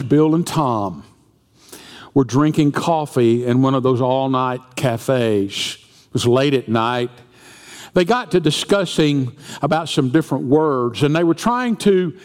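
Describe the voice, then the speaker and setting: A man's voice: medium pitch, a little mellow, in a large hall. A man, the senior pastor, preaching a sermon and telling stories, acting out the voices in them. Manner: storytelling, acting out quoted voices.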